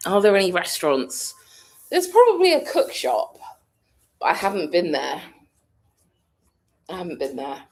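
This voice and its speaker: A British woman vlogger chats with her audience in a relaxed way, breaking into laughter as she thinks aloud. Her voice sits low but moves through a lively, animated range. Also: moderate pace, gravelly, pauses often, soft background music. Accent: British English. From United Kingdom. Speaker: vlogger answering a live chat. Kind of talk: casual chat.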